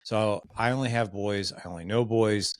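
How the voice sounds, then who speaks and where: Low-voiced upbeat male podcast host. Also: normal speed, no room sound. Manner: upbeat and affirming, asks curious questions. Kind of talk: casual conversation.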